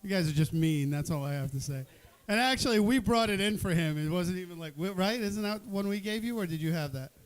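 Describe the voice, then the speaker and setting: High smooth-voiced guy emceeing a cooking event, jokey and rambling. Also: brisk. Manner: joking, playful, rambling. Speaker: event host. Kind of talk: casual emcee banter. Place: event hall with an audience.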